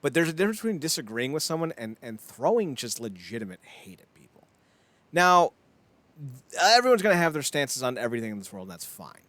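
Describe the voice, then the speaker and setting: A man co-hosting a podcast, talking in a loose, rambling way with lots of laughter. His pitch swoops up and down as he tells stories. The sound is dry and close, with no room echo. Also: very animated, fairly quick, fairly bright tone. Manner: rambling, laughs often, acts out quotes in voices. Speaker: podcast co-host. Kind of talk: casual chat.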